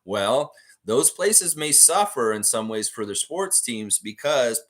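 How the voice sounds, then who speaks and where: A man's voice: medium pitch, animated, slow. A Canadian man hosting a casual live stream, reading out viewer comments and rambling with many fillers and self-corrections. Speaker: podcast host.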